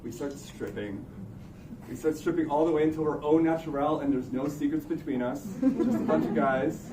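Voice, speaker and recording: A man's voice: on the high side, moderate pace. Wry man telling a story on stage. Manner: wry, comic, building suspense. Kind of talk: live personal storytelling. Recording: echoey room, distant mic, background noise. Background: room ambience noise.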